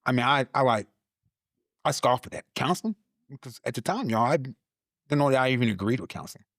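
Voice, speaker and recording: A man telling a personal faith testimony in a casual conversation, animated, repeating words, and acting out his own past lines. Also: medium pitch, quick pace, dry recording, studio quality. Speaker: guest, Army veteran.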